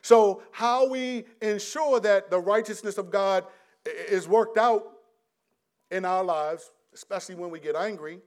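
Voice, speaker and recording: Brief: middle-aged man, preacher, high-pitched, casual sermon, restarts, rises loud then drops to a hush. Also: a little slow. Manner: animated, many restarts, swings between loud and hushed. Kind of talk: conversational sermon.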